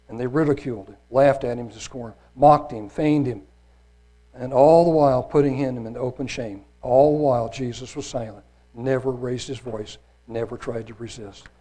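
A man's voice: mid-range voice, warm tone. Earnest male preacher reading scripture. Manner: earnest, grave delivery with some restarts.

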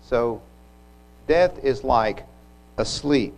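A man delivers a sermon, walking through a scripture passage at a very slow, deliberate pace. His pitch sits in an ordinary middle range, and he pauses and restarts now and then as he reflects aloud. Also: expressive, gravelly, darkish tone, rough recording. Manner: unhurried, reflective, with occasional restarts. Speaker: preacher.

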